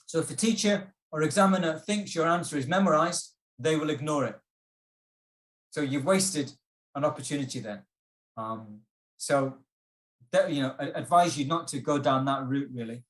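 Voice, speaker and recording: A man's voice: fairly high pitch, moderate pace. Man explaining test tips, echoey room. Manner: relaxed, explanatory, many ums and restarts. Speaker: IELTS workshop presenter. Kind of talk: online workshop talk.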